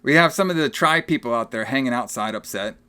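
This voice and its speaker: A young man co-hosting a podcast, recapping a movie in casual, animated chat and laughing often. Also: mid-range voice, clean tone. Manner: animated, laughing, acts out film lines in quick voices. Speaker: podcast co-host.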